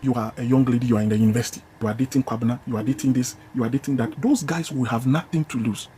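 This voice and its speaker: A man's voice: mid-range voice, steady tone, rapid-fire, warm tone, slight background noise. A man preaching with a Ghanaian English accent, scolding his congregation emphatically and repeating key phrases. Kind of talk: fiery sermon.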